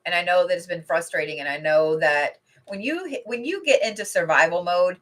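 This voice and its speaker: Reading cards intuitively on a laid-back home livestream, a middle-aged woman rambles and swears freely. She sounds animated, with a lowish voice and moderate pace.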